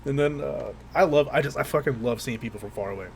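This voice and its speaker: A man's voice: medium pitch, fast, gravelly, darkish tone, a little hiss or hum. Rambling young man telling stories. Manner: rambling, profane, laughs often. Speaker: podcast co-host. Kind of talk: casual chat, storytelling.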